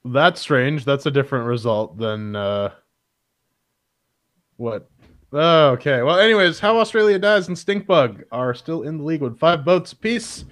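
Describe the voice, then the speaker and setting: A man's voice: on the high side, animated, measured pace, fairly bright tone. Rambling Canadian man hosting. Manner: rambling, stutters and repeats words. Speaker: podcast host. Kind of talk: casual chat.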